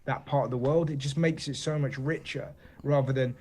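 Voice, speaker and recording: Animated English man telling stories. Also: fairly high pitch, brisk, slight background noise. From England. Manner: animated storyteller, repeats "do you know what I mean". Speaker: comedian guest. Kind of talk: casual interview chat.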